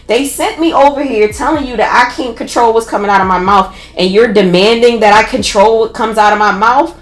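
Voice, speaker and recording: A woman with a Philadelphia accent telling a personal story in a casual, animated, profane way. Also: mid-range voice, moderate pace, hardly any pauses. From North Philadelphia. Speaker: podcast storyteller. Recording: roomy echo.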